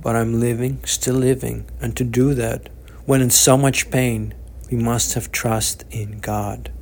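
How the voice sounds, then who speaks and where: A gentle, devout old man, as a male narrator voices him, speaking slowly and softly with a gravelly, creaky texture. His tone stays calm and reassuring, each phrase unhurried. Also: medium pitch, a little hiss or hum.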